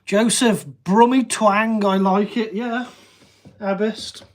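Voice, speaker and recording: A man's voice: high voice, fairly even intonation, takes it slowly. A man with a Midlands accent from around Telford, with a slight Welsh tinge, chatting casually on a livestream and answering viewer comments in an easygoing, jokey way. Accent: Midlands English, Telford, with a slight Welsh tinge. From Telford, English Midlands. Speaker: livestream host.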